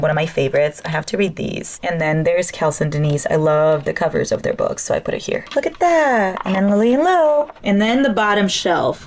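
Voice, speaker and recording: Chatty young woman, lower-pitched. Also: slight background noise. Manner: chatty and self-mocking, with bursts of excited high squeals. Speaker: book vlogger. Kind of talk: casual bookshelf tour chat. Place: home room by a bookshelf.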